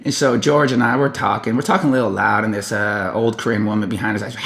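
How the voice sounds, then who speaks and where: A man telling a long personal story in a casual vlog. He rambles and jumps into high, animated voices when quoting people. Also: rapid-fire, vocal fry, few pauses.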